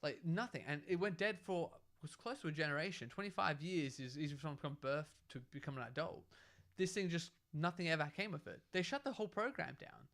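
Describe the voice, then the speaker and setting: A young man, co-hosting a casual podcast chat and arguing his theory in an animated way. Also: on the high side, a little fast. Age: young adult. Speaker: podcast co-host.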